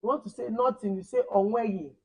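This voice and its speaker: Man drilling pupils, slow and coaxing. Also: high-pitched, low-quality recording. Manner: drills words slowly, coaxing and correcting pupils. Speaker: language teacher. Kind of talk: online language lesson.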